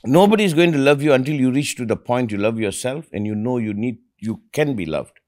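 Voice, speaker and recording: A man's voice: medium pitch, expressive, a little fast, darkish tone. A man hosting a podcast interview, talking with passion and emphasis, repeating words as he starts each thought. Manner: passionate, emphatic, acts out quoted dialogue. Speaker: podcast host. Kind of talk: conversational interview.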